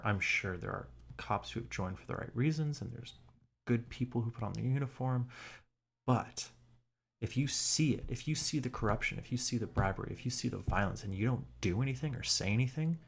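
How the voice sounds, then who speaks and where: Gravelly-voiced man rambling earnestly at home. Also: mid-range voice, moderate pace. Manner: rambling, earnest, profane, frequent fillers. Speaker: podcast co-host. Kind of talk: casual podcast talk.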